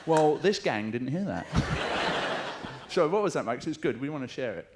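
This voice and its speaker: A man with a London accent doing a live stand-up routine in a theatre, cheeky and full of swearing, often shouting out mimicked voices. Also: medium pitch, animated, normal speed. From England. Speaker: stand-up comedian. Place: large theatre stage with audience. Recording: theatre show taped with audience noise.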